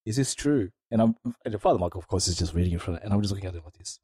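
A man co-hosting a casual chat podcast, telling stories in an animated way with halting restarts and laughter. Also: low voice, slightly rough, no room sound. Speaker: podcast co-host.

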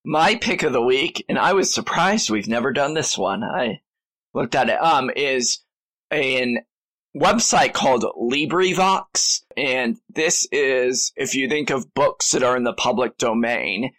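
A man's voice: mid-range voice, lively intonation, measured pace, fairly bright tone, rough recording. A man who is a priest and teacher, explaining a recommendation in a hesitant way with many fillers. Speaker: priest and high school teacher. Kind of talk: casual panel chat.

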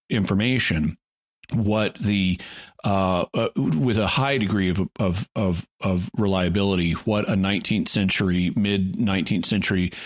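Man, very low voice, podcast co-host, long thoughtful explanations, restarts, dry close sound. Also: no echo. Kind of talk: casual discussion. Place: lives in the Ozarks.

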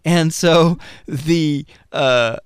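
A man's voice: a little high, extremely slow, clear, resonant tone, dry recording. A man hosting a podcast, talking through ideas in a casual, enthusiastic way with lots of restarts. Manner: enthusiastic, thinks aloud with restarts. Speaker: podcast host. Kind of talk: casual movie discussion.

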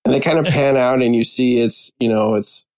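A man chatting casually as a panelist, animated and amused as he retells favorite scenes. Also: mid-range voice, brisk, slight background noise, low-quality recording. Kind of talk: casual chat.

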